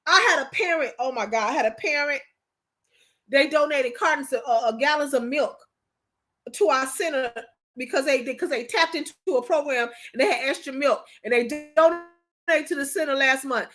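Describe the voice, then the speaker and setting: A woman's voice: high-pitched, moderate pace, fairly bright tone. A woman from Michigan, hosting a casual livestream, talking emphatically to viewers and repeating herself. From Michigan, USA. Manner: emotional, preachy. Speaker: livestream host.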